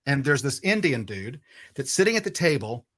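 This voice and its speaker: A man's voice: medium pitch, big pitch swings, normal speed, a bit bright. A man who is a podcast guest, telling a long story in casual chat. He swears freely and often stops and restarts his sentences. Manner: rambling, profane, frequent restarts.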